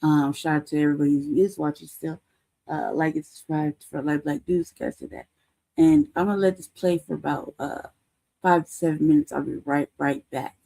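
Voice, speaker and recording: Man, stream host, gravelly, offhand, dry room, low-key. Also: steady tone, moderate pace, dark tone, no echo. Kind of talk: casual stream sign-off.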